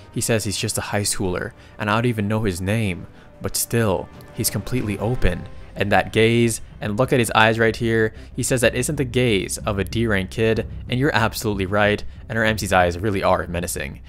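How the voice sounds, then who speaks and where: A man narrating a comic recap in a casual, excitable way, often breaking into exclamations. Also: lowish voice, normal speed, faint music behind.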